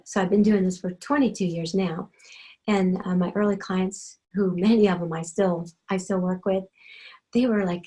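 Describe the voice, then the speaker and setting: A middle-aged woman, an animal communicator, telling her own story in a gentle, chatty way, full of ums and you-knows. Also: mid-range voice, poor audio. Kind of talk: personal storytelling talk.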